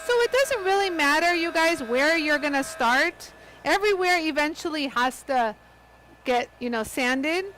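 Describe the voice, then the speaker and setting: A woman with a high, lively voice hosts a live hands-on craft demo. She chats eagerly with her viewers and gushes as she goes. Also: normal speed, a little hiss or hum, rough recording. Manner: chatty, excitable, talks straight to viewers. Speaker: host of a live lapidary demo. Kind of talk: live product demonstration.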